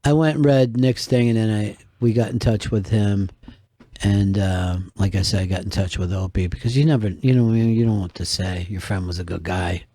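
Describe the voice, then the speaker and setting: A man's voice: on the low side, dark tone. A man hosting a radio talk show, telling wry, rambling stories in a casual way. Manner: storytelling, wry, drawn-out anecdotes. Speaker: radio host and stand-up comedian.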